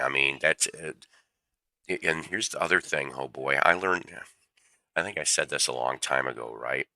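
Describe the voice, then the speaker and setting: A man's voice: very deep voice, bright, forceful tone, no room sound. A man, fighting a cold, hosting a casual livestream and rambling through stories with jokey asides. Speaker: livestream host. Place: home room with his cat.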